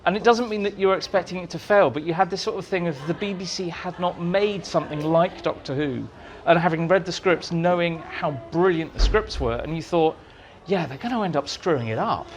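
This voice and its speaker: At a fan society meeting, a male writer appears as an interview guest, sharing anecdotes in a high voice at a fairly quick pace with hardly any pauses. He is animated and acts out quotes in different voices.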